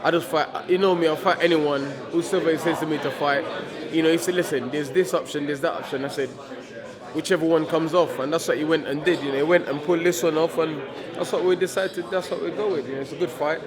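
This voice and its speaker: Brash heavyweight fighter, defiant and repetitive, raised pitch over crowd chatter. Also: male voice, steady tone, quick pace. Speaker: professional heavyweight boxer. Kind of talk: casual press interview.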